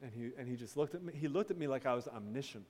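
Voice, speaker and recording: A man, a pastor, preaching a sermon with dramatic pauses, dropping from loud to hushed and breaking into casual storytelling. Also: medium pitch, lively intonation, a little hiss or hum. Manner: casual storytelling with quick asides. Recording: long hall reverb.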